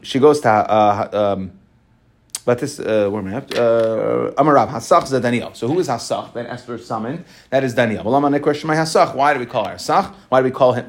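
A man leads a Talmud class at a mid-range pitch. He reads the text briskly and then unpacks it in loose, conversational English, checking in with "right?" and "okay" as he goes. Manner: reads Aramaic quickly, then explains in casual English with many "right?" and "okay". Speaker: Talmud teacher. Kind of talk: Talmud class, reading and explaining.

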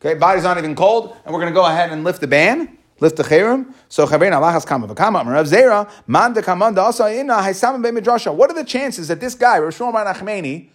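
Fast-talking man teaching a Talmud class. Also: sits high, expressive. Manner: reads Aramaic passages and explains them in casual English. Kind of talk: Talmud class, explaining the text.

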